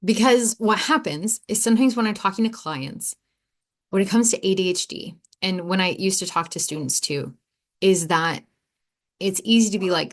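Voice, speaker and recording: A woman with a medium-pitched voice speaking at normal speed hosts her own podcast as an ADHD coach. In this casual solo monologue she rambles loosely, breaks off mid-sentence, repeats words and laughs readily.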